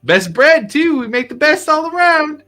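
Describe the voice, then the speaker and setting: A man's voice: very high voice, very animated, normal speed, sharp tone, voice pushed up, full character voice. A man voicing a boisterous, cheerful male innkeeper who calls out heartily.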